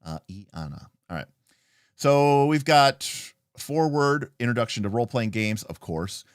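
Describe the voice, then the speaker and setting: A man's voice: medium pitch, lively intonation, measured pace, clean tone, no echo, studio quality. A man hosting a livestream, casually looking over a tabletop game book and answering chat, thinking aloud with frequent fillers and restarts. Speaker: livestream host reviewing tabletop role-playing game books.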